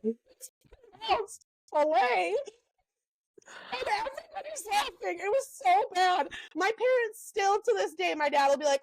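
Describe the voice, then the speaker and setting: A young woman co-hosting a podcast, telling animated stories in a casual chat, full of "um" and "like". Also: very high-pitched, creaky, dry recording, rough recording. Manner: animated storyteller, lots of "um" and "like", quick asides. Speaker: podcast co-host.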